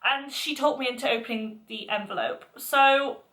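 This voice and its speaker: A young woman with a high, sharp, bright voice tells a personal story to camera. She talks casually, with lots of "like" and restarts. Her telling is animated and emotional. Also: moderate pace. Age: young adult. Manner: chatty, filler-heavy retelling. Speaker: vlogger.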